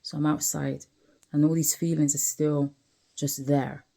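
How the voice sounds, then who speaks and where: A woman's voice: low voice, little pitch movement, a little slow, creaky, mellow. A tired woman, talking candidly in a personal vlog while sitting outside, often repeating herself and asking the listener if they follow. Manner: candid, conversational, repeats phrases, frequent asides to the listener. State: tired, yawning. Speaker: vlogger.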